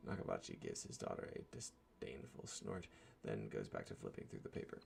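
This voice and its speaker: A man reading a visual novel's narration aloud in a measured, subdued way. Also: a bass voice, big pitch swings, vocal fry.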